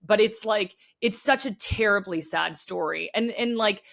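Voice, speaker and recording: A woman guests on a podcast, chatting casually and earnestly with plenty of "like" fillers, emotionally open and sensitive. Her mid-range voice is a little slow and creaky, with a fairly bright tone.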